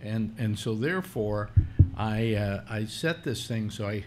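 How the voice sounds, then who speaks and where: A man's voice: fairly low pitch, lively intonation, measured pace, a little hiss or hum. A man hosting a casual live talk stream, rambling with many restarts and fillers. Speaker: host. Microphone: computer mic through speakers.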